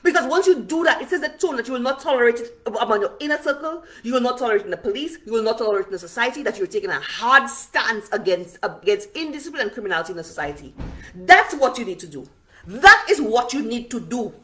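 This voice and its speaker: A woman giving forceful, scolding political commentary on a livestream, repeating herself as she builds her point. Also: on the high side. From Saint Lucia.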